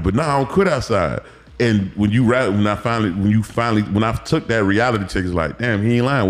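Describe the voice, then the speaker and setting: A man in his thirties from Miami, a former pro football player, telling stories as a podcast guest in a loose, animated way, acting out quotes and swearing freely. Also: lowish voice. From Miami, Florida. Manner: animated, acts out quotes, profanity, repeats words. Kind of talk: casual storytelling interview.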